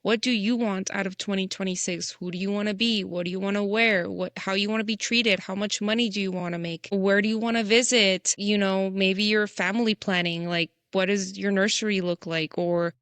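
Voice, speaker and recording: A young woman in a relaxed podcast chat, thinking out loud in a chatty, reflective way and dropping "like" often. Her voice is mid-pitched. The recording is dry and close. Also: a little fast, hardly any pauses, dry recording. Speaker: podcast co-host. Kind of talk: casual chat.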